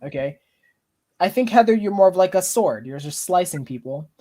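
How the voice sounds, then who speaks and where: A man's voice: sits high, lively intonation, normal speed, dark tone. A man hosting a podcast in casual chat, blunt and teasing, swearing freely. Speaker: podcast host. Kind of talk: casual conversation.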